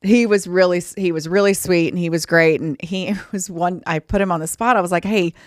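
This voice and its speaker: This podcast co-host, a woman with a fairly low pitch, speaks briskly while chatting about her sports broadcasting work. The sound is clean studio audio without room sound; she's a chatty storyteller who gets animated in quotes.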